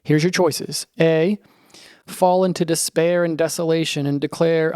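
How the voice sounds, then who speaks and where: A man narrating a scripted children's story in the second person, in a lively storytelling manner. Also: on the high side, measured pace, smooth, no room sound, clean studio sound.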